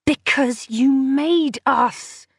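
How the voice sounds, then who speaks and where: A defiant young woman captor with a scornful edge, pitched well above a plain speaking voice, as a woman audiobook reader puts her on. She talks slowly and carefully, and the recording is close and dry. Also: expressive, no room sound. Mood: furious. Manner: scornful and defiant, hissing when angry. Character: scornful, frightened young woman holding a captive.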